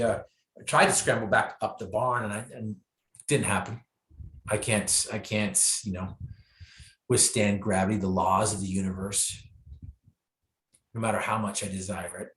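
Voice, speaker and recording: A man with a fairly low voice recounts a personal story as an interview guest, animated and self-deprecating, jumping up in pitch and volume when he acts out what people said. The room is echoey and roomy around him. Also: normal speed, long pauses. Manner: animated storyteller, acts out his own and others' lines with bursts of pitch and volume; self-deprecating humor, laughs at himself. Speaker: guest speaker.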